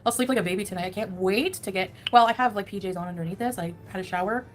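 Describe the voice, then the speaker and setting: Quick, chatty woman livestreamer. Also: medium pitch, soft background music. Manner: chatty, rambling, laughs at herself. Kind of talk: casual chat with viewers.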